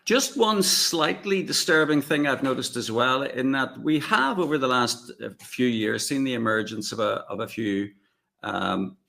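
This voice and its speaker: Halting man in talk. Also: mid-range voice, lively intonation, creaky, bright, forceful tone. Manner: halting, many fillers and restarts. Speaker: co-host. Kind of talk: casual political discussion.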